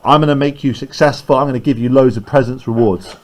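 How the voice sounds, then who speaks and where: A man's voice: medium pitch, steady tone, fast talker, background noise. A man teaching a class, explaining lines of a play and often checking in with "right?".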